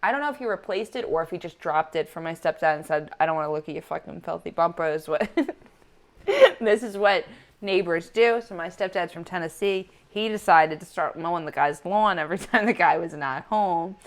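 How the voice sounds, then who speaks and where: A woman's voice: on the low side, moderate pace. A woman in her thirties, a comedian hosting a casual chat, laughing often and swearing freely. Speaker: comedian podcast host.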